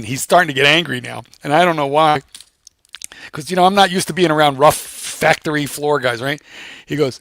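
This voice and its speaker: A man co-hosting a livestream, telling a story in a casual, animated way and swearing freely. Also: on the high side, fast talker, dry recording, studio quality. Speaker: co-host.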